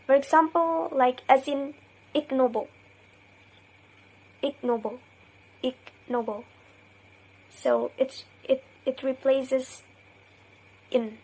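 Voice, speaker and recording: A young woman with a high voice talks through a class presentation as a student. She explains carefully, repeating example words and pausing to correct herself. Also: creaky, darkish tone, husky, rough recording. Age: young adult. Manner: hesitant, self-correcting.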